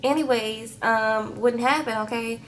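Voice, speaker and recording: A woman's voice: a little high, fairly even intonation, unhurried, a little hiss or hum, close to an everyday voice. A woman mimicking a sassy woman who rambles defensively to her boyfriend.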